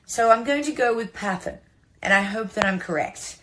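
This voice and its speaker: Woman, Australian accent, young adult, recorded message, playful then sincere, hesitant fillers, mid pitch. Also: animated, normal speed, a little hiss or hum. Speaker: wrestler sending a recorded message.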